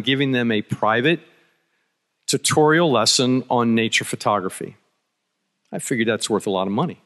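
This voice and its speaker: A man's voice carries through a large conference hall, with the reverb trailing after each phrase. He is from Philadelphia and tells a personal story in a chatty, anecdotal way, with dry jokes and frequent restarts. His pitch sits in the middle range. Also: pushed and bright. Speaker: conference speaker. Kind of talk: storytelling talk.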